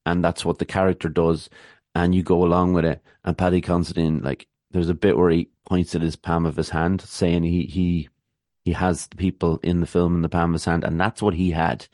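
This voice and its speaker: A man's voice: low-pitched, level tone, fairly quick, a little mellow, dry recording, studio quality. A man, hosting a podcast and chatting loosely about his favourite films, with many restarts and fillers. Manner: rambling, full of restarts and fillers. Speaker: podcast host. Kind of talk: casual film talk.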